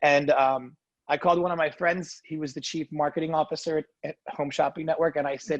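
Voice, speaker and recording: Gravelly-voiced earnest man. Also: on the high side, flat delivery, no echo, lo-fi sound. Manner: earnest, emotional, quick asides like "right?". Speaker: interview guest. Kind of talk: heartfelt casual storytelling.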